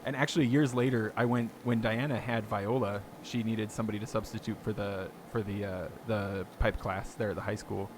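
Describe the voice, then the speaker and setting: A man's voice: fairly low pitch, steady tone, a little fast, hardly any pauses, noisy background. A man hosting a podcast, talking casually and rambling, often laughing as he tells stories. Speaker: podcast host.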